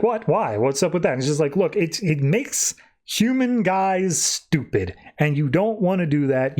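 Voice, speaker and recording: A man hosting a podcast, recapping a comic book in a casual, animated way and briefly voicing the characters as he goes. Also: mid-range voice. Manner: animated retelling with quick voiced asides. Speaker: podcast host.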